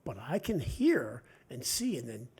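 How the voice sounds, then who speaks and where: A man with a Delaware Valley accent, an author chatting on a podcast in a rambling, animated way. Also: mid-range voice, unhurried, husky. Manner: rambling, animated, acts out quotes. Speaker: author guest. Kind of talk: casual podcast chat.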